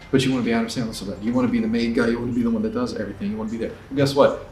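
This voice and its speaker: A man's voice: medium pitch, fairly even intonation, rapid-fire, darkish tone, faint music behind. A man, an indie filmmaker, giving candid advice in a blunt, profane, emphatic storytelling manner. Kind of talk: candid advice rant to camera. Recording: echoey room, distant mic, faint ambience.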